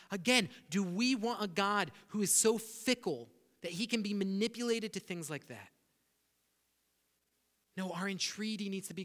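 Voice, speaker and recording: A man preaching a sermon as pastor, animated, acting out people's prayers to God with rising intensity. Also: sits high, a little fast. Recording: reverberant hall.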